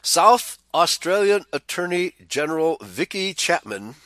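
A man's voice: a little high, sing-song, a little slow, a bit bright, dry recording. A man hosting a commentary show, reading news items aloud and adding sarcastic, scornful asides, often chuckling and stumbling over repeated words.

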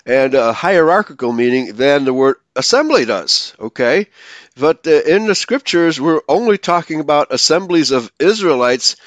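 A man's voice: medium pitch, dry recording. A man from Germany hosting a radio talk show, rambling with many fillers and tag questions. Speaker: radio host.

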